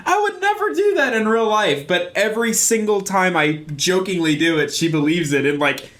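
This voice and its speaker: A man in his thirties co-hosts a podcast, chatting casually and telling animated stories while laughing often. His voice sits high and moves at a moderate pace.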